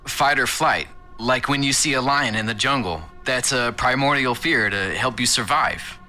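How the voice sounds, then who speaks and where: A man's voice: mid-range voice, normal speed, sharp tone, soft background music. A man voicing a level-headed passenger who explains things in a matter-of-fact way. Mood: explaining.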